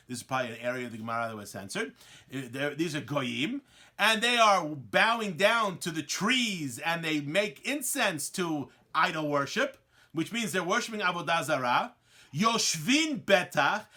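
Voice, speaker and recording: A man teaches a Talmud passage, reading the original lines and translating them one by one. His voice sits high and swings widely as he acts out the dialogue. The tone is bright and forceful. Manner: animated, acts out the quoted dialogue; reads Hebrew and Aramaic text then translates it. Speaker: Torah teacher. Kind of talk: Talmud lesson.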